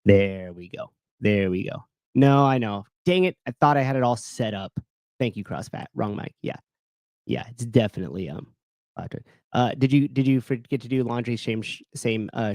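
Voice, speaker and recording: Male streamer-host, casual chatty rambler, average pitch, dead-dry room. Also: lively intonation, normal speed, a little mellow, no room sound. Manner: rambling, self-interrupting, reads live chat. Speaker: show host. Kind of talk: casual livestream chat. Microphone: desk mic.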